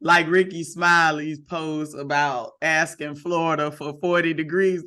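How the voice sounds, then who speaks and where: A woman co-hosting a podcast, chatting casually in an animated way and quick to laugh. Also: low voice. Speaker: podcast co-host. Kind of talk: casual chat.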